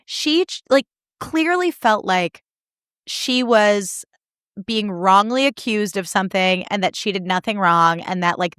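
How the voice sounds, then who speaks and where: A young woman hosting a solo podcast, recapping reality TV in animated, indignant, sarcastic talk with plenty of swearing. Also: medium pitch, clean tone, no echo, clean studio sound. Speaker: podcast host.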